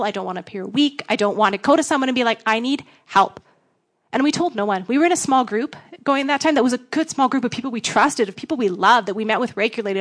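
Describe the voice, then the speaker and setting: Frank woman sharing a testimony. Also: a little high. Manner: frank, self-deprecating, acts out dialogue. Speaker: youth pastor. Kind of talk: candid personal testimony talk.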